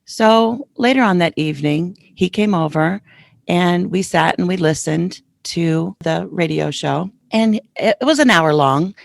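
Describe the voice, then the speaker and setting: Woman host, creaky mid-pitched voice, dry close sound, chatty storyteller. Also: unhurried, no room sound. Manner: chatty, retells conversations with lively quoted voices. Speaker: podcast host. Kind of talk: casual storytelling.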